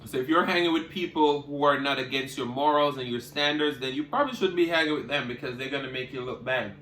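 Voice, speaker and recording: Talking fast in a mid-range voice, this man does a casual mukbang chat, eating and letting out loud, savoring hums between comments. He's a cooking vlogger addressing viewers directly, and the sound is reverberant.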